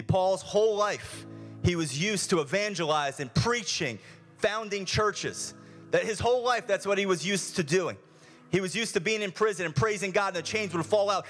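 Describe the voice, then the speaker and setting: A man's voice: high-pitched, fairly bright tone. A male pastor preaching a sermon in a church, earnest and repetitive, often restarting his phrases. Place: church sanctuary.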